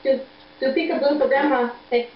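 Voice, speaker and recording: Sing-song young mom in baby talk. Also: female voice, steady tone, brisk. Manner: high sing-song coaxing, repeats simple prompts. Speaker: mother. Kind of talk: baby talk to a toddler on a video call. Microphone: computer video call mic. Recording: dull echoey video-call audio, faint noise.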